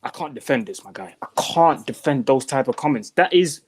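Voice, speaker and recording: A man's voice: medium pitch, animated, fairly quick, husky. A man hosting a casual football panel, earnest and passing the floor around. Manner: earnest, hands the floor to others. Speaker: host.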